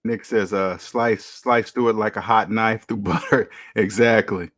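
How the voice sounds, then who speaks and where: Unhurried and on the low side, his fairly bright voice keeps a fairly even intonation while he reads out chat comments. As host of a casual livestream, he responds with emphatic rhetorical questions, recorded on a camera mic at studio quality without echo.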